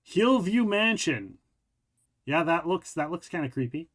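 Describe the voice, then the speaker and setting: A man with a slightly high voice hosts a relaxed, joking chat. He reads items aloud in an easy, offhand way and breaks off now and then to greet viewers. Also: a little slow. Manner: laid-back, joking, reads lists aloud. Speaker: host. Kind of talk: casual chat.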